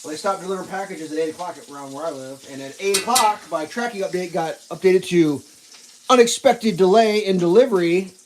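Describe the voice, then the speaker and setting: A high-voiced man rants sarcastically and with exasperation in a casual way. He is cooking in a home kitchen, and faint noise runs under his voice. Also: fast, few pauses, recorded from a distance, poor audio. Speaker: cooking vlogger. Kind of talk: casual ranting story while cooking.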